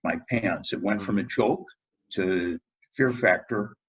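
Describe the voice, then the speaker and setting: Middle-aged male guest, husky low voice, lively storyteller doing quotes, muffled lo-fi recording. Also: takes it slowly. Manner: animated storyteller, acts out quotes. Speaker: guest dentist. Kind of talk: storytelling in a podcast interview.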